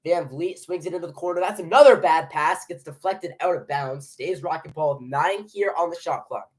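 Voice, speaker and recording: Nervous and excitable, a young man gives live play-by-play reactions to a game as a fan, often stumbling and restarting what he says. He speaks at a moderate pace in a fairly high voice.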